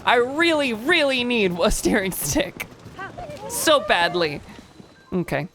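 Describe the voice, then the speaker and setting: A woman's voice: on the high side, sing-song, slow pace, background noise. Chatty young woman streamer. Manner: chatty, wry asides. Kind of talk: casual gaming commentary.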